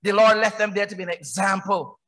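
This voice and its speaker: A man with a Barbadian accent preaching a sermon as pastor. He preaches emphatically, firing rhetorical questions that build to shouts. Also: high-pitched, fairly even intonation, fairly quick. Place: church.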